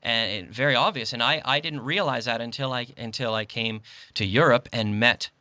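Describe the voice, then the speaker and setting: Male interviewer from Canada, bright forward tone, dry close mic, friendly and talkative. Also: medium pitch, normal speed, no echo. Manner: friendly, chatty questions with frequent agreement. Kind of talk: casual interview chat.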